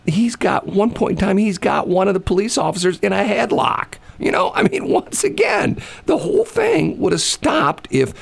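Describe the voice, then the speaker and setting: A man's voice: high-pitched, big pitch swings, normal speed, gravelly, few pauses, breathy edge. A man hosting a casual talk show. He rambles and fills his talk with "you know" and "I mean". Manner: acts out quoted voices while telling stories. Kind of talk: casual chat.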